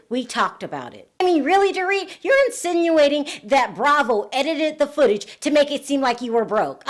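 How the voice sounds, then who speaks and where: A woman hosting a celebrity gossip commentary, sarcastic and indignant, often exclaiming at what she reads out. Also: fairly high pitch. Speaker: reality TV commentary host.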